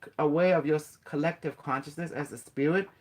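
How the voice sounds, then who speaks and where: Here a slightly high male voice moves at a quick pace with a steady tone. In a relaxed spiritual talk he wanders and repeats himself, poses question after question to his listener, and bursts into playful chants.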